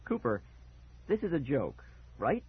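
A man voicing a calm, patient father who speaks low and even, with a husky voice. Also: a little slow, full character voice. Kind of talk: audiobook character voice. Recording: tinny phone-like sound.

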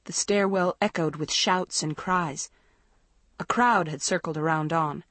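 A woman narrating a storybook in a measured, dramatic way. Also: low voice, fairly bright tone, dry recording. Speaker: audiobook narrator.

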